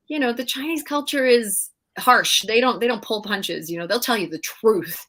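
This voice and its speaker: A middle-aged woman, a guest in a casual interview, telling animated stories with frequent laughs and fillers. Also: medium pitch, normal speed. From Canada. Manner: animated storyteller, laughs often, many fillers. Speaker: guest actress.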